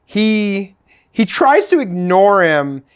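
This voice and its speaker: A man co-hosting a casual movie talk show, retelling scenes with shouted impressions. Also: high voice, sing-song, extremely slow, smooth. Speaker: podcast co-host.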